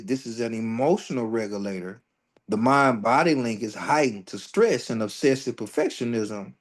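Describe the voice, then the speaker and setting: A man teaching an astrology workshop in a loose, profane, joking way. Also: mid-range voice. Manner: loose and profane, jokes and laughs between readings. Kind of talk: casual astrology workshop talk.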